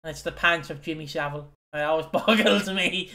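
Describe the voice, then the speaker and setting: A man's voice: fairly high pitch, fairly quick, pushed and bright. A young Irish man co-hosting a casual chat show, rambling and swearing with lots of fillers and giggles. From Ireland. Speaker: podcast co-host.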